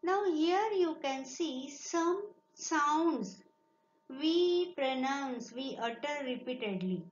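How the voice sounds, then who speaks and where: A woman teacher with an Indian English accent, a Marathi speaker, giving a slow, encouraging online lesson to children and reading sentences aloud for them to repeat. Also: high voice, animated. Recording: echoey lo-fi recording with faint hiss.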